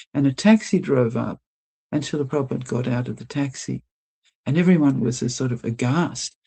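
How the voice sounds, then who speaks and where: An older woman, a guest telling lively stories in an interview, laughing often and acting out what people said. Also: very deep voice, gravelly, husky. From Australia. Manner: lively anecdotal storyteller, laughs often, acts out quotes. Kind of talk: storytelling interview.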